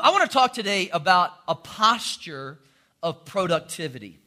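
Bright-voiced joking pastor. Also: male voice, on the high side. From North Carolina. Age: 40s. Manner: folksy joking storyteller, animated. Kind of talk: sermon.

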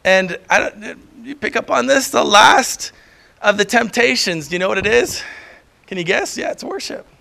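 A man's voice: high-pitched, lively intonation, normal speed, gravelly, pushed and bright. A middle-aged man preaching a sermon in a conversational way, often chuckling and acting out the voices he quotes.

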